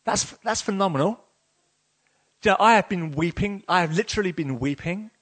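A male pastor delivers a sermon in a fairly high voice. He sounds enthusiastic and openly emotional, speaking in a loose, conversational way with plenty of fillers. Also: lively intonation, a little fast, fairly bright tone.

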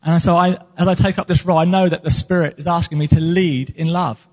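A man's voice: on the high side, fairly even intonation, a little fast, darkish tone. A man preaching as the pastor of his church, speaking earnestly and with passion about his calling. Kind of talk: sermon. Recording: long hall reverb.

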